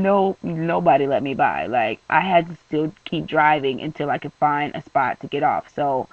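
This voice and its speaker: A young man rants in a venting vlog, rambling and exasperated. His voice is gravelly and fairly high. It comes through a dull, lo-fi mic set back from him in a dry room. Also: moderate pace, few pauses, no room sound, far from the mic. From San Francisco Bay Area. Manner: rambling, exasperated storytelling with many fillers. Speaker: vlogger.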